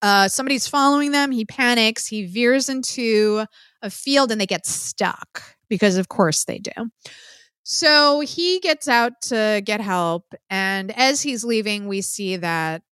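Swearing, smooth-voiced woman podcaster. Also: on the high side, measured pace, no echo, clean studio sound. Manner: profane, lively storytelling. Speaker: podcast co-host. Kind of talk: casual film recap chat.

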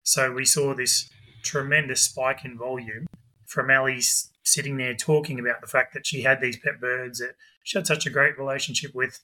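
A man, a guest, telling a lively anecdote with quick asides. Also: mid-range voice, low-quality recording. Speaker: guest, budgie club president. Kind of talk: animated storytelling.

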